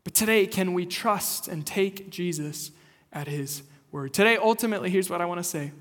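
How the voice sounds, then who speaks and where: A young adult man, a pastor, preaches a sermon in a church sanctuary, shifting from conversational storytelling to earnest exhortation. His voice sits high with a fairly bright tone at normal speed. Long hall reverb fills the recording.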